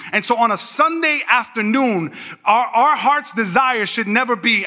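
A man's voice: very high-pitched, normal speed. A man, a pastor, giving a conversational sermon full of stories, acting out the people in them as he goes. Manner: animated storyteller, acts out quoted voices. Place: church. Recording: long church hall reverb.

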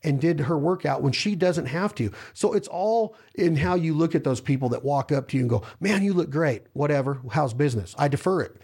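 A man's voice: a little high, animated, brisk, few pauses, dark tone, breathy edge. A man talking in a rambling casual chat, telling stories and acting out what people say to him. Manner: rambling, storytelling, acts out quoted voices. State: hungry while fasting.

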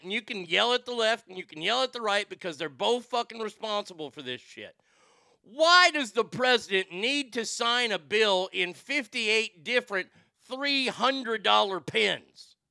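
A man's voice: high voice, gravelly, bright, forceful tone, no echo, studio quality. A man hosting a casual live-stream show, ranting profanely and reading chat comments aloud. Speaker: talk show host.

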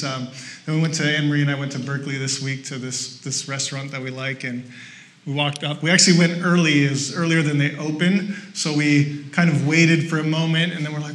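A man preaching a sermon in a conversational, self-mocking way, jumping into high bursts when he acts out his own frustration. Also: steady tone, brisk, fairly bright tone, a little hiss or hum. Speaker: pastor.

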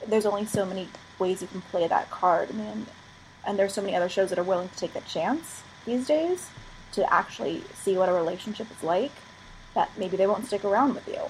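A woman's voice: mid-range voice, fairly quick, slight background noise, rough recording. A woman talking on a podcast, thinking aloud in long rambling sentences. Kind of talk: casual chat.

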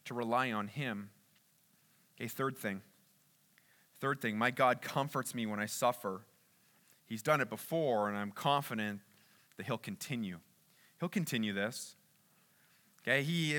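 Bright, high-voiced man preaching a sermon. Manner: earnest preaching that swings from loud urgent peaks to soft hushed stretches. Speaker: pastor.

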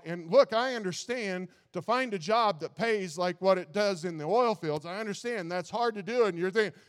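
A man's voice: high-pitched, a little fast, few pauses. Folksy male preacher in a reverberant hall. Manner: folksy, repeats words at restarts. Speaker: pastor. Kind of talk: sermon.

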